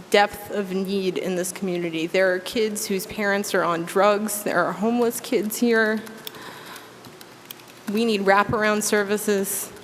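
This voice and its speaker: Woman, 30s, committee member, earnest and impassioned, meeting hall reverb, faint noise. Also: mid-range voice. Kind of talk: public meeting statement. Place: town meeting room.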